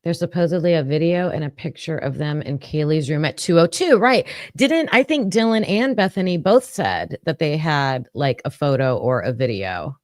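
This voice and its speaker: Casting note: woman, low voice, unhurried commentary, dry close sound. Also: lively intonation, a little mellow, dry recording. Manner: thinking aloud with fillers, reading notes. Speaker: true crime commentator. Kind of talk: casual commentary livestream.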